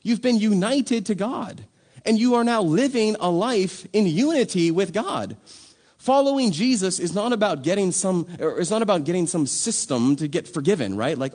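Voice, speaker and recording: A man's voice: high voice, expressive, moderate pace, darkish tone. A man preaching a sermon in a conversational, emphatic way, full of rhetorical questions. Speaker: pastor.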